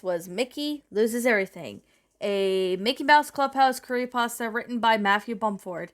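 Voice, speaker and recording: A woman's voice: on the high side, normal speed, a bit bright. A woman narrating a creepypasta and then reviewing it in a rambling, self-correcting way.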